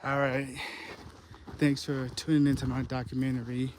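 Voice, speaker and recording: A man's voice: mid-range voice, level tone, normal speed, background noise. A young man talking casually to the camera on an outdoor hunting hike, out of breath and rambling in slang. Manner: rambling, slangy, talks to camera while hiking. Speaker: hunting vlogger.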